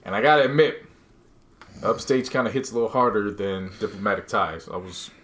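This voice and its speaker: A man co-hosting a podcast, chatting casually about new music and telling stories with quick asides. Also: lowish voice, a bit bright. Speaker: podcast co-host. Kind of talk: casual chat.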